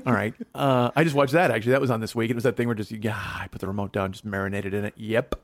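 Fast-talking, profane ranting man. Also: fairly low pitch, fairly even intonation. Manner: profane, exasperated ranting with quoted dialogue. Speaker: podcast co-host. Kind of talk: ranting comic storytelling.

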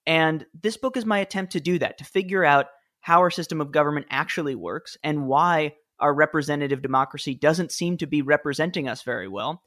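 A man's voice: a little high, brisk, few pauses, fairly bright tone. A man, telling stories earnestly in a casual interview, often restarting his sentences. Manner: earnest, storytelling, frequent restarts. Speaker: former presidential speechwriter, author.

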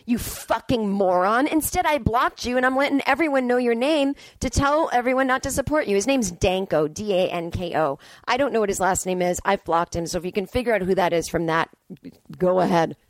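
A middle-aged woman comedian talking alone into a podcast mic, cranky and profane as she rambles. Her voice sits at an ordinary pitch for a woman. The sound is dry and close, with almost no room echo. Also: fairly quick. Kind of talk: casual solo podcast monologue. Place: indoors.

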